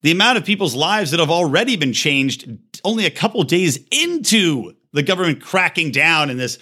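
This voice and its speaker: A man's voice: a little high, pushed and bright. A man hosting a podcast, delivering a heated, profane rant with emphatic, wide swings in his voice. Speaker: podcast host. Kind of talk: ranting monologue.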